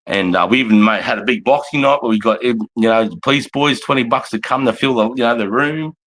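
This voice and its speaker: A man's voice: medium pitch, brisk, a bit bright. An Australian man, an army veteran, telling blunt, profane, rambling stories casually on a livestream.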